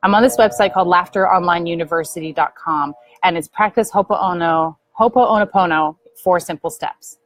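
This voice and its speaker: A middle-aged woman speaking earnestly to viewers as a spiritual teacher, gently guiding them through a prayer practice. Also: on the low side, normal speed, few pauses, no room sound, low-quality recording. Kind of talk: earnest spiritual talk to camera.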